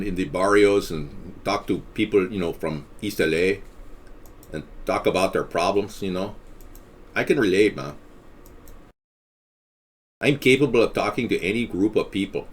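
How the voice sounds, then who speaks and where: A man's voice: deep voice, normal speed, pauses often, husky. A man hosting a live stream, talking in a rambling, conspiratorial and jokey way. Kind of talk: casual live stream monologue.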